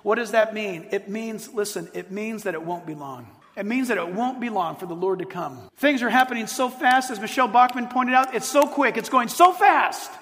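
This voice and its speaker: A middle-aged man preaching a sermon to a live audience, telling stories with animated, emphatic repetition. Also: high voice, normal speed, few pauses. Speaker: pastor. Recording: long hall reverb.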